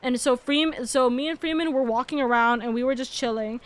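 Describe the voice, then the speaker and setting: High-voiced excitable woman streamer. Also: a little fast. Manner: gushing, excitable, repeats herself. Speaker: VTuber streamer. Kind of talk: casual chat to livestream viewers.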